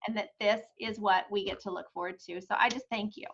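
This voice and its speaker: A woman speaking warmly and emotionally to her team, gushing with encouragement. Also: medium pitch, steady tone, a little fast, slightly rough, muffled recording. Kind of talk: motivational team call.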